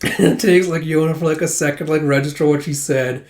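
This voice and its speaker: A man's voice: a little high, steady tone, fast, darkish tone. A man casually retelling a manga in a chatty way, full of fillers and laughs. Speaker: manga readthrough host. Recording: roomy echo.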